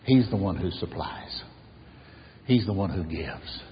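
A male pastor preaching a sermon with emphatic repetition, swinging from loud declarations to hushed lines. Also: low voice, animated, a little slow, long reverb tail, highs cut off, a little hiss or hum. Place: church sanctuary.

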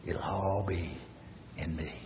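A man preaching an earnest sermon as pastor, swinging from raised emphasis to soft near-whispers. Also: deep voice, steady tone, slow, long reverb tail, dull audio, background noise.

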